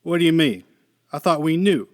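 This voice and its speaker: A man reading the part of a weary, skeptical male engineer with a dry, gruff manner. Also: on the high side, expressive, normal speed, no echo, voice pushed up, close to an everyday voice.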